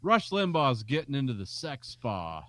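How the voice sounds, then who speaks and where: A man's voice: medium pitch, sing-song, normal speed, noisy background. A man co-hosting a podcast, talking in casual chat with a sardonic, joking manner. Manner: sardonic, puts on mocking voices for quotes. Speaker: podcast co-host. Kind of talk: casual film discussion.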